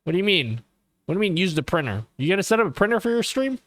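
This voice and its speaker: A man's voice: high voice, big pitch swings, rapid-fire, fairly bright tone, dry recording. A man chatting casually on a live stream, rambling, swearing and often checking in with his viewers. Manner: rambling and profane, keeps asking okay. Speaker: livestreamer.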